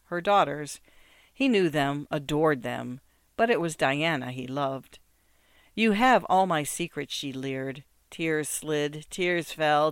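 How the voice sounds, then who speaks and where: A man narrating a literary story aloud in a measured, expressive, rhythmic way. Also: fairly high pitch, clear, resonant tone, no room sound, studio quality.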